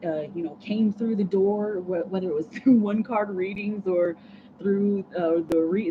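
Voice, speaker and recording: A woman hosting a casual livestream, chatting with viewers, laughing often and rambling with restarts. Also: medium pitch. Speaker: tarot reader livestream host. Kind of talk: casual livestream chat reading comments. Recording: muffled lo-fi audio with clear background noise.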